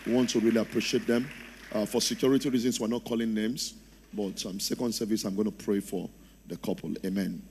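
A man's voice: fairly low pitch, a little mellow, husky. A man preaching a sermon in church, calling on the congregation to answer him and repeat after him. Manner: preaching, urging the congregation to respond. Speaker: pastor. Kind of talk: sermon with call-and-response. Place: church service.

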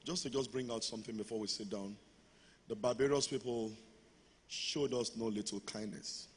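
Husky-voiced man preaching in a hall. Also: mid-range voice, steady tone, normal speed. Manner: preaching with call-and-response. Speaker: pastor. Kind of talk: sermon. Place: large church hall. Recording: long hall reverb with music.

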